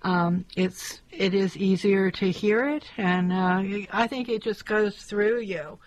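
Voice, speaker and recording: Woman host talking real slow and halting, dry close sound. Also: medium pitch, no room sound, low-quality recording. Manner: slow, halting, gently appreciative. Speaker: interviewer. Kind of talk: casual interview conversation.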